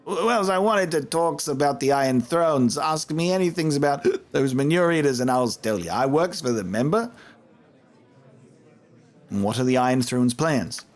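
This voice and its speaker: A man's voice: mid-range voice, a little fast, few pauses, a little mellow, lightly acted. A man voicing a bitter, tipsy male innkeeper who rambles and grumbles, chuckling as he talks. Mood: conspiratorial. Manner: rambling, aggrieved, chuckling mid-sentence.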